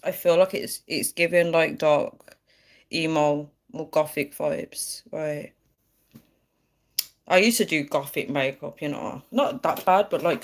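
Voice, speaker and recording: A woman chatting casually on a live stream, giggling and reading out viewer comments. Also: deep voice.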